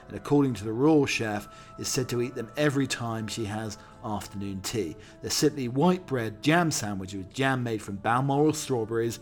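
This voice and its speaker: A man hosts a comedic solo podcast in an ordinary mid-range voice. He sounds wry and irreverent, with a mock-patriotic edge. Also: medium pitch. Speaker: podcast host.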